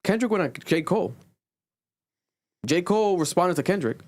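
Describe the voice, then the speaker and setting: A man co-hosting a casual podcast, thinking aloud with restarts and rising in pitch when he makes a point. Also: lively intonation, normal speed, dry recording. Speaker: podcast co-host.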